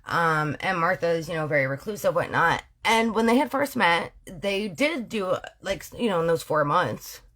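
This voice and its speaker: A woman's voice: lowish voice, expressive, moderate pace, few pauses, fairly bright tone. A woman from Canada hosting casual true-crime storytelling, slangy and playful, often correcting herself. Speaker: storyteller host.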